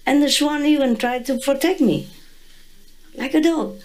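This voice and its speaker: A woman's voice: sits high, measured pace, a little mellow, slight background noise, poor audio. A woman being interviewed who tells a story with animation, laughing often and acting out voices and sounds.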